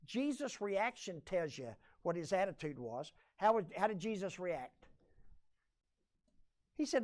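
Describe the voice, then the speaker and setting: Folksy pastor preaching. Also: male voice, sits high, sing-song, a little slow, long pauses. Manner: folksy, conversational preaching with audience call-and-response. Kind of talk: sermon.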